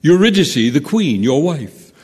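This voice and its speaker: A solemn, fateful chorus. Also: male voice, on the high side, big pitch swings, a little mellow, husky, full character voice. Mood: ominous. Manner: measured, ominous. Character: solemn male chorus narrator, knowing and fateful. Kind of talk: radio play narration. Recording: faint music behind.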